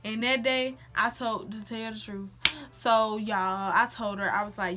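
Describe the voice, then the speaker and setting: A woman's voice: fairly high pitch, measured pace. A young woman telling a personal story in a casual, slangy vlog, acting out quotes. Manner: animated, slangy, acts out quotes. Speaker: vlogger.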